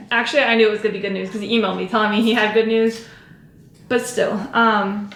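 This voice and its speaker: A woman's voice: mid-range voice, creaky, echoey room, slight background noise. A young woman vlogging at home, rambling and chatty with lots of fillers as she talks to the camera while doing her makeup. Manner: rambling, filler-heavy, self-interrupting. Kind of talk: chatty vlog talking to camera.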